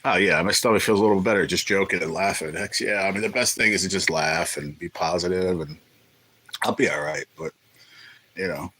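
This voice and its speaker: A man's voice: low-pitched, brisk, bright, forceful tone, husky, poor audio. A man hosting a casual livestream, joking and rambling with viewers and swearing freely. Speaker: livestream host.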